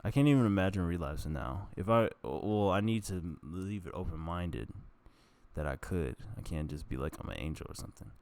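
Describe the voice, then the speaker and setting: Young male vlogger, very low gravelly voice, loose meandering monologue to camera, breaks off mid-thought. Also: lively intonation, moderate pace, a little mellow, slight background noise. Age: young adult. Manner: meandering, self-interrupting, laughs at own stories. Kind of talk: rambling casual monologue. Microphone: camera mic.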